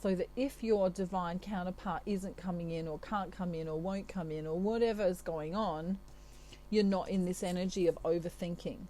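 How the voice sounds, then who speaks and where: A woman's voice: fairly low pitch, moderate pace, dark tone, a little hiss or hum, poor audio. A woman from Australia giving a channelled tarot reading in a chatty, reassuring way, with many asides. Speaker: tarot reader.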